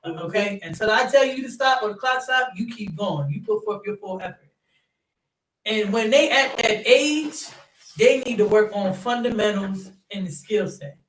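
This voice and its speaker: A young man, a youth basketball coach and third-grade teacher, telling stories in an animated, chatty way, laughing often and using lots of fillers. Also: high-pitched, moderate pace, far from the mic. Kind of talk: casual interview chat. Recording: roomy sound from off-mic.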